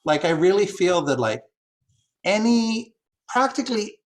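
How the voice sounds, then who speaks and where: A man's voice: high-pitched, very animated, unhurried. A man speaking as a guest translator in a discussion, musing and hesitant, with many "like"s as he works through ideas. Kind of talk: discussion talk, thoughtful.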